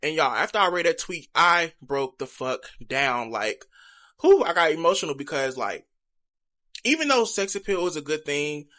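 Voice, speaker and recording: A man's voice: a little high, big pitch swings, moderate pace, sharp tone. A young man talking to viewers in a candid, chatty confessional vlog. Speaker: vlogger.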